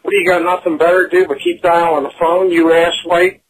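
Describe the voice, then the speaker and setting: A man's voice: a little high, flat delivery, a little fast. A man on a prank phone call, hostile and swearing.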